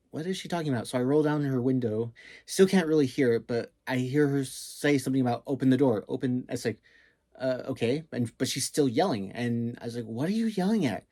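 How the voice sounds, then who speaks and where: A man's voice: mid-range voice, a little mellow, dry recording, studio quality. A man casually telling a story, rambling with many fillers and some swearing.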